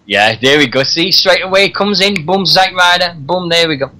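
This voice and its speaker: Brief: male radio host, bright, slightly high voice, chatty, calls people mate. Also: animated, moderate pace, low-quality recording. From Britain. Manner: chatty, laughs often, says "mate". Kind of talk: casual wrestling chat.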